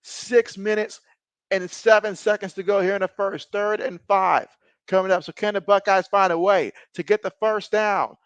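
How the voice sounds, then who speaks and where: High-voiced excitable man calling a game. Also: normal speed, clear, resonant tone, dry recording. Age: 30s. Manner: excitable, reacts loudly to plays. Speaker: live-stream sports host. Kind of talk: casual live play-by-play and chat reading.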